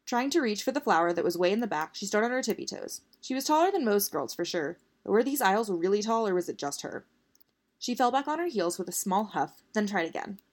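A woman's voice: mid-range voice, very animated, brisk. A woman reading a story aloud in a casual, unpolished way. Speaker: narrator.

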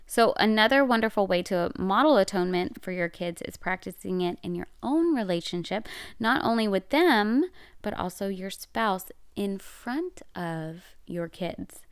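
A middle-aged woman talks through parenting advice in a relaxed, conversational way, often restarting her sentences. Her voice has a gravelly edge under a smooth, clear tone. The recording is dry and close. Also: mid-range voice, measured pace, no echo. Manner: conversational, many fillers and self-corrections. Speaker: parenting podcast host. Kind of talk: casual advice talk.

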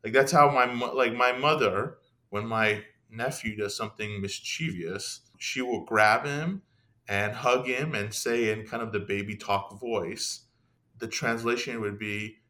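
A young man, a podcast guest, talking in an animated, casual way, with many restarts and asides. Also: fairly low pitch, unhurried. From Iran. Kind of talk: casual conversational discussion.

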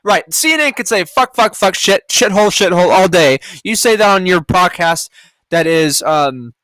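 A man's voice: sits high, moderate pace, fairly bright tone, no room sound. A man hosting a podcast, reacting to headlines in a rambling, profane, sarcastic rant. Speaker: podcast host. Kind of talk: casual news-reaction rant.

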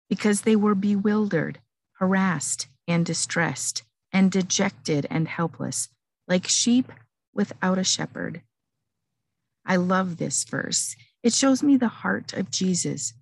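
A middle-aged woman hosting a podcast, gently reading a devotional meditation and prayer at an unhurried pace. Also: on the low side, vocal fry, no echo. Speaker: podcast host.

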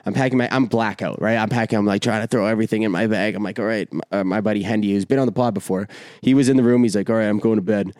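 A young man hosting a podcast, telling a rambling, profane, animated story in casual chat. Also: lowish voice, racing, no room sound, clean studio sound. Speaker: podcast host.

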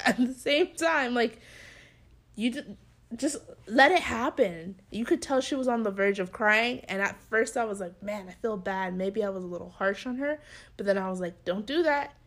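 A woman's voice: on the high side, normal speed. A young woman chatting casually as a podcast co-host, telling a story and acting out the people in it. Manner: animated storyteller, acts out quoted people. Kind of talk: casual chat.

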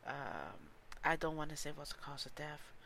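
Brief: male podcast host, casual solo talk, stumbling and frank, bright sound. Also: fairly high pitch, very animated, moderate pace, creaky, a little hiss or hum. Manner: hesitant, many fillers and restarts; candid and informal.

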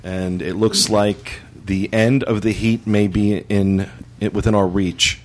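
Deep-voiced male podcast host. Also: steady tone, slow pace. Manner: laughs often, fillers, hosts segments. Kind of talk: casual roundtable chat.

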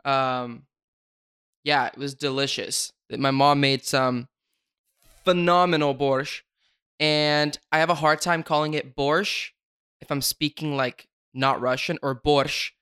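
A man's voice: mid-range voice, fairly even intonation, unhurried, pushed and bright, clean tone, dry recording, clean studio sound. A young man from Sacramento hosting his own solo podcast, chatting casually and rambling with many fillers. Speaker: podcast host.

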